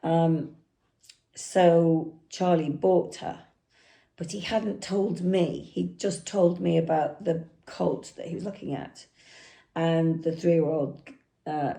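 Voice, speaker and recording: Lady chatting slow about her horses, um-ing a lot, gravelly mellow voice. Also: on the low side. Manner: rambling, anecdotal, filler-heavy. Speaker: horse eventer and yard owner. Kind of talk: casual vlog talk.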